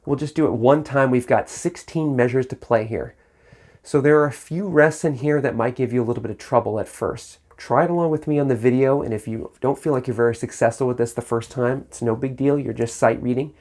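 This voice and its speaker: A man's voice: mid-range voice, fairly quick, a little mellow. A man teaching a saxophone lesson on video, patient and encouraging, speaking syllables aloud in rhythm to demonstrate.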